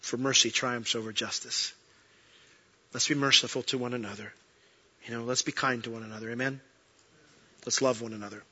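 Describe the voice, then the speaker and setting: A man preaching a sermon as a pastor, earnest, swinging between emphatic peaks and soft, quiet moments. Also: mid-range voice, steady tone, fairly quick, long pauses, slightly rough, dull audio.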